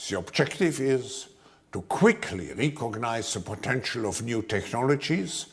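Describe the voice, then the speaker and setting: A man with a German accent giving a formal public speech in a measured, deliberate way. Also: medium pitch, very animated.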